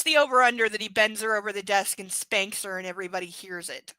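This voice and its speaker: A woman's voice: medium pitch, fast, sharp tone, no room sound, poor audio. A woman reading a novel aloud live, breaking off into sarcastic, swearing asides.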